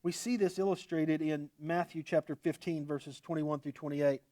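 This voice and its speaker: A man preaching a sermon as a pastor, emphatic and animated, with casual humor. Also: fairly high pitch, moderate pace, no room sound, studio quality.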